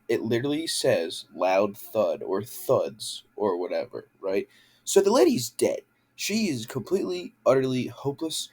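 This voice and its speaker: A young vlogger rants about a show into a handheld camera at home, swearing and rambling with plenty of fillers. His voice sits at medium pitch, slightly mellow, with a breathy edge.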